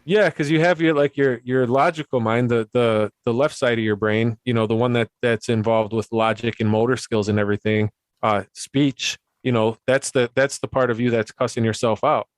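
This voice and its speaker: A man's voice: medium pitch, fairly even intonation, moderate pace, no room sound. An easygoing man chats casually, often restarting his sentences while building on a thought. His voice sits in a middle register and comes through dry and close, with no room sound. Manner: easygoing, agreeable, frequent restarts. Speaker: podcast guest or host. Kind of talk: casual conversation.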